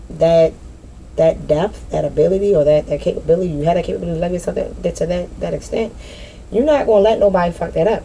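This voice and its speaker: A woman's voice: on the low side, warm tone, a little hiss or hum, poor audio. A woman giving a casual, unscripted spiritual monologue outdoors, blunt and profane with streetwise slang. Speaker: spiritual vlogger. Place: outdoors in nature.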